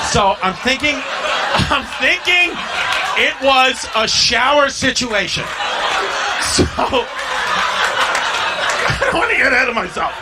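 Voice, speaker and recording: A tipsy male comedian telling a story on a podcast, loud and boisterous, laughing often and swearing freely. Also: very high-pitched. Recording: loud background noise.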